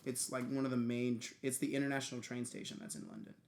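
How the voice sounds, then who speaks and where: A man's voice: mid-range voice, steady tone, fast talker, vocal fry, a little mellow. A man co-hosting a casual podcast chat in an easygoing, chatty way. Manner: easygoing, chatty, recounting a trip. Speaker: podcast co-host. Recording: roomy echo.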